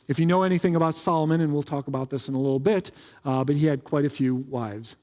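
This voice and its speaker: A man preaching in a church, his voice sitting a little high and trailing off into a long reverb. He talks casually, tossing in jokes and quick asides as pastor. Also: warm tone. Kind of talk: conversational sermon. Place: church sanctuary.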